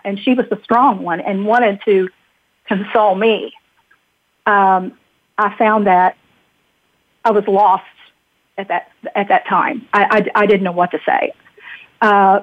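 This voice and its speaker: A woman, a guest and birth mother, telling a personal story in a halting way, with frequent restarts. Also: mid-range voice, dry recording. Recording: dry tinny phone-like line.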